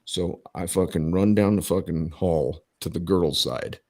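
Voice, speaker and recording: Gravelly deep-voiced man telling a profane story. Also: a little slow, darkish tone. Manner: emphatic, swears heavily, many restarts. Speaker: podcast host.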